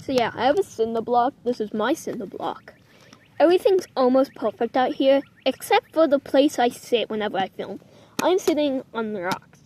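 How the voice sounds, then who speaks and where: Young female vlogger, high-pitched, chatty and rambling, recording outdoors. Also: expressive, moderate pace, darkish tone, slight background noise. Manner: chatty and rambling, with frequent apologies. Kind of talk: casual outdoor vlog chat. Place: outdoors in the cold, sitting on rocks.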